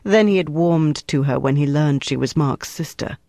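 A narrator reading a novel in a steady, measured voice. The pitch sits in the middle, and the sound is dry and close. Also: dry recording. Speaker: audiobook narrator. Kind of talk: scripted narration.

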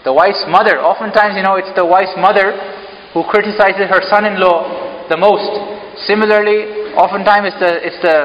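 A man's voice: high-pitched, steady tone, moderate pace. A man giving an interactive religious talk in a mosque, asking the audience questions and joking lightly. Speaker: mosque speaker. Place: mosque hall. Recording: echoey hall, dull lo-fi sound.

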